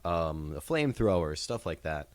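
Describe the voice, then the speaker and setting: A man's voice: sits low, very animated, normal speed. A man co-hosting a casual podcast chat, explaining his views on a game at length. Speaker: podcast co-host reviewing games and movies.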